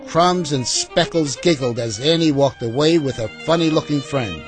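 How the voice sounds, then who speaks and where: A man's voice: a little high, moderate pace, hardly any pauses, soft background music. A man expressively reading a children's story aloud as the narrator. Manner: expressive, animated.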